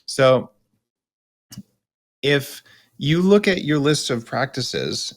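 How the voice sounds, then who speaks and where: A man's voice: mid-range voice, lively intonation, very slow. A man hosting a podcast, explaining things bluntly and emphatically in a casual coaching conversation.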